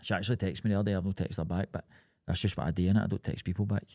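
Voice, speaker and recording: A man's voice: deep voice, fairly even intonation, rapid-fire, darkish tone, no room sound, studio quality. A young adult Scottish man co-hosting a podcast, rambling through sweary, laughing banter. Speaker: podcast co-host. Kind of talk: casual chat.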